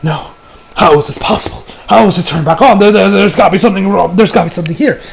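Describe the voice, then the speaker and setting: A man's voice: high-pitched, fast talker, creaky, faint music behind. Man voicing a panicky young man, exasperated and swearing, in his own voice. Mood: frustrated. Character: frustrated young man cursing under pressure.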